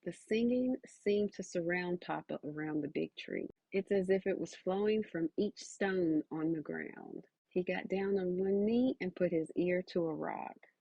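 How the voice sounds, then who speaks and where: A woman telling a spooky folktale in a hushed voice that drops low and soft at the dark moments. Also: a little slow, creaky, husky, muffled recording. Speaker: storyteller.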